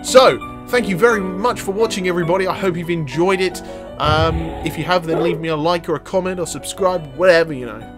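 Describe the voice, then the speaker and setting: A young man giving excitable gameplay commentary, laughing and exclaiming as he plays. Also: sits high, fairly quick. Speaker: gaming video host. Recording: game music playing loudly under voice. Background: game music.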